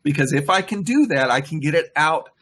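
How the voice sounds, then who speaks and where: A man's voice: a little high, animated, brisk, fairly bright tone, a little hiss or hum. A man co-hosting a casual chat show, reacting and joking with his guests.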